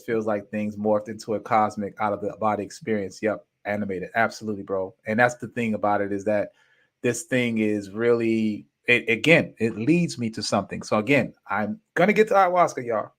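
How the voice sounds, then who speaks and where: Animated slangy man telling a story. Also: lowish voice, brisk. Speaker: podcast host. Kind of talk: storytelling with live chat.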